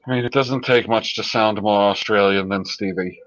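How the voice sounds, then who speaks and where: A man's voice: fairly low pitch, steady tone, moderate pace, a bit bright, no echo, highs cut off. A man hosting a live stream, reading viewer comments aloud in a casual, sardonic, profane way.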